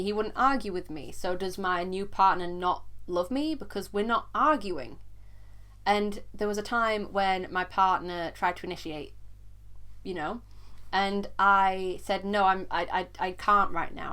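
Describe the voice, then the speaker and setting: A young woman vlogger telling a personal story in an earnest, halting way, sometimes repeating words as she struggles to go on. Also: medium pitch, fairly bright tone.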